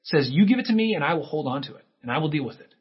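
A man's voice: fairly high pitch, expressive, racing, husky, dull audio. A male pastor preaching a sermon, telling stories and acting out the characters' voices. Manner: storytelling with acted-out character voices.

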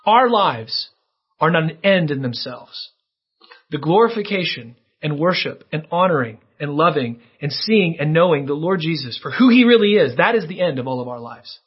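A man preaching a sermon, earnest and dramatic, with his voice leaping up and then dropping to a hush as he tells a story. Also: a little high, expressive, moderate pace, husky. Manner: earnest, dramatic storytelling with sudden rises and hushed drops. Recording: dull lo-fi sound.

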